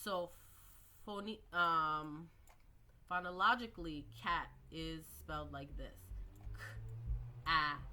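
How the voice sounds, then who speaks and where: A woman teaching early reading skills, slowly modelling words and sounds with patient explanations. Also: low-pitched, bright, forceful tone. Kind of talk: instructional lecture.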